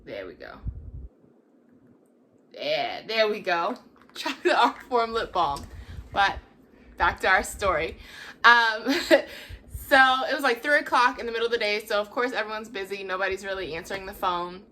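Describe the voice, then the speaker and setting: A woman's voice: medium pitch, animated, moderate pace, pauses often, bright, forceful tone, a little hiss or hum. A young woman hosting a vlog, chatting casually and laughing often as she acts out what people said. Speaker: vlog host. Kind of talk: casual storytelling.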